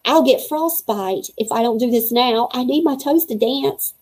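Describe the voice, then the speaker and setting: A woman's voice: a little high, normal speed, darkish tone, lightly acted. A woman doing a teasing young mummy girl.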